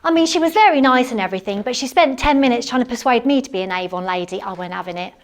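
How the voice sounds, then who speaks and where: A gushing, excitable housewife, as a woman plays her on stage, who rambles from one aside to the next. Her fairly high voice rushes with enthusiasm through a live one-woman comedy monologue. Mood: gushing chatter. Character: chatty cleaning-obsessed English housewife. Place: theatre stage.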